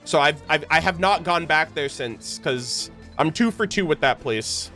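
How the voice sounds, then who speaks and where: A male streamer with a rather high voice reads game dialogue out loud and chats over it. He sounds playful, laughs often, and trips over words as he goes. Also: lively intonation, measured pace, faint music behind. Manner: playful, laughs and stumbles while reading. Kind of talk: reading game dialogue aloud with commentary.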